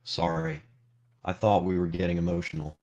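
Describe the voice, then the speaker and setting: A man's voice: deep voice, little pitch movement, normal speed, vocal fry, darkish tone, voice pushed down. A man role-playing a talkative, mournful ghost of a young man over a lo-fi voice call. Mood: earnest. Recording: lo-fi voice call audio.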